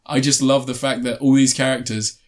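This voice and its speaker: A man hosts a laid-back film podcast. He rambles excitedly and jokes around, often restarting his sentences. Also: mid-range voice, a little fast. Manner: excitable, joking, many restarts. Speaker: podcast host. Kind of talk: casual chat.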